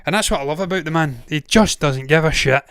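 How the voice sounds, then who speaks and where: A man's voice: on the high side, fast talker, a bit bright, clean tone, dry recording, studio quality. A Glaswegian-accented Scottish man hosting a movie news show, ranting casually with blunt swearing and frequent digressions. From Scotland. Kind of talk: casual opinionated commentary.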